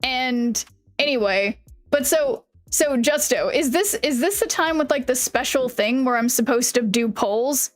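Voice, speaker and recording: A woman streamer chatting casually with her viewers, rambling, restarting sentences, swearing and laughing often, her voice a little worn from yelling. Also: sits high, a little slow. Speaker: live streamer.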